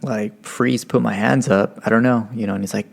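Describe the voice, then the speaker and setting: A man from Stockton, California tells a story casually and profanely, rambling with plenty of fillers. His voice is low-pitched with a heavy gravelly fry. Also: steady tone, quick pace. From Stockton, California, United States. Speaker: podcast guest.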